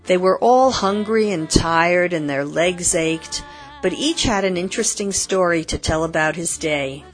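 Woman narrator, storybook reading, calm and measured, fairly low voice, faint music behind.

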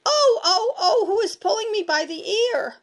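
A woman's voice: mid-range voice, sing-song, moderate pace, close to an everyday voice. A woman voicing a frightened, mischievous little boy in a storybook reading, plaintive and full of questions. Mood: wailing.

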